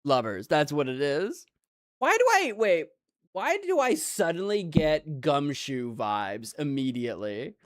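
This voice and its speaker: A man's voice: a little high, sing-song, measured pace, no echo, studio quality. A man hosting a let's-play, giving casual joking commentary and reading the game's dialogue aloud.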